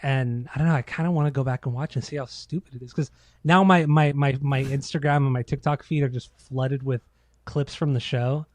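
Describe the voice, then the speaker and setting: A man's voice: mid-range voice, fairly even intonation, brisk, darkish tone, no echo. A man co-hosting a casual podcast, telling loose, profane stories and acting out quotes. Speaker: podcast co-host. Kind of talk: casual chat.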